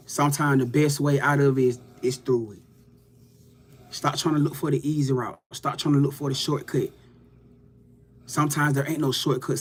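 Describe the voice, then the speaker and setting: A man's voice: medium pitch, slightly rough. A man giving a loose, profane, hyped-up motivational pep talk to his viewers as a livestream host.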